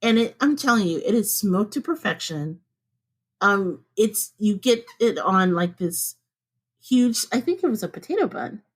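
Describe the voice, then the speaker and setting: A chatty woman co-hosting a podcast from home, with a voice of middle pitch. She talks in a loose, easygoing way and breaks into laughter often, her voice jumping up high when something amuses her. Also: sing-song, unhurried. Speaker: podcast co-host. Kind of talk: casual podcast chat.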